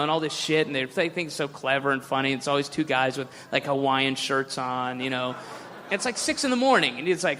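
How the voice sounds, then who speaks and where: A high-voiced, profane ranting comedian. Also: male voice, sharp tone, long reverb tail, a little hiss or hum. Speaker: stand-up comedian. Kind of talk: ranting stand-up bit.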